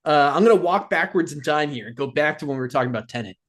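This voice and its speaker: A man co-hosting a podcast in casual chat, easygoing and quick to laugh along. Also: on the high side, expressive, a bit bright. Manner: easygoing, laughs often, agreeable. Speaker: podcast co-host.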